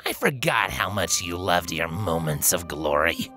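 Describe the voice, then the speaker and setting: A bitter, battered female griffin, put on by a male reader, drawls her jabs slowly and with a slur, her low voice swinging widely as it mocks. The tone is bright and cutting, with faint music underneath. This is storybook voice acting. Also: huge pitch swings, heavily acted. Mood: sarcastic. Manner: sarcastic, jeering, slurred. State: weak, slurring. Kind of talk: fanfiction audiobook voice acting.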